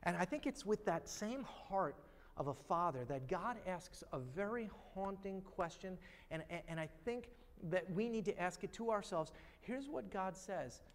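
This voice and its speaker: High-voiced male pastor in a reverberant hall. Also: expressive, measured pace. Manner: storytelling, builds to repeated rhetorical questions. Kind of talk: sermon. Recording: long reverb of a large hall.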